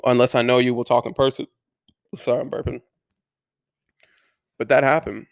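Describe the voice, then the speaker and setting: A man earnestly telling a personal story to camera, halting and restarting his words, with some swearing. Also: medium pitch, flat delivery, creaky. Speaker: vlogger.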